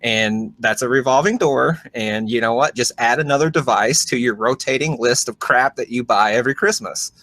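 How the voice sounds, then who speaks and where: A man's voice: medium pitch, moderate pace, hardly any pauses, a bit bright, no room sound. Rambling, opinionated podcast co-host man. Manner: rambling, many "you know" fillers, opinionated. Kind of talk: casual podcast chat.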